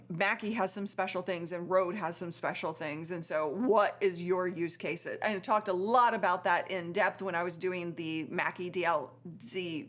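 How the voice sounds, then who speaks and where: A woman's voice: on the low side, fairly bright tone. Tired, chatty woman streamer. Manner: chatty, laughs often, many fillers. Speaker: live stream host. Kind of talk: casual live-stream chat.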